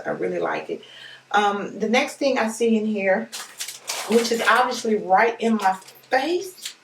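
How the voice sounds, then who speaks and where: A woman vlogger, chatting excitedly with viewers as she unboxes a package. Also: medium pitch. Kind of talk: excited casual unboxing chat. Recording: echoey room, voice a bit far from mic.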